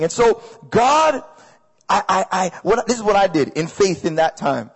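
A man preaching a sermon as a pastor, energetic and conversational, repeating phrases for emphasis to a crowd. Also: high-pitched, normal speed, breathy edge. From Canada. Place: large hall with audience. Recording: echoey hall.

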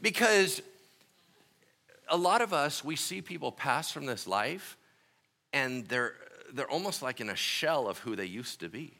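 Animated, bright-voiced male preacher. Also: medium pitch, a little slow. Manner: conversational and animated, acting out scenes. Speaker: pastor. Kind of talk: sermon.

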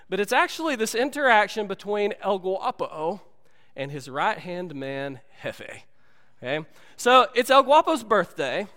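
A preacher with a high, bright voice that swings up and down a great deal as he talks. He tells his stories with lively, animated energy. His voice rings out with a long echo through a large church hall. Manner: animated storytelling, acts out movie dialogue. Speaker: pastor. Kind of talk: sermon. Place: church sanctuary.

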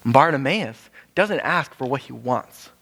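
A man preaching a casual, animated sermon, acting out the people in his story with jumps in pitch. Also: a little slow, creaky, husky. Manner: animated, acts out quoted voices with sudden pitch jumps. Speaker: pastor. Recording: hall with long reverb.

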